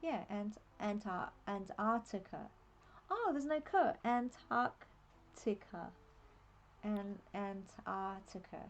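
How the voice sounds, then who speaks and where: An Australian woman streaming a game, chatting and thinking aloud in a relaxed, laughing way. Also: mid-range voice, slow. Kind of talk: casual live-stream commentary.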